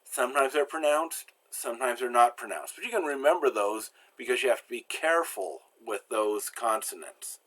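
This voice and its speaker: A man giving a recorded pronunciation lesson, explaining clearly and stressing each example word. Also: medium pitch, animated, normal speed, few pauses, a bit bright. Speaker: language teacher.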